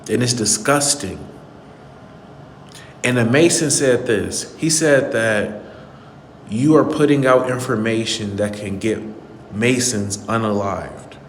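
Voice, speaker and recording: A man's voice: medium pitch, slow, pauses often, reverberant, long reverb tail, slight background noise. A man hosting his channel, giving an earnest, indignant commentary on a clip he played and repeating his points for emphasis. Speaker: channel host.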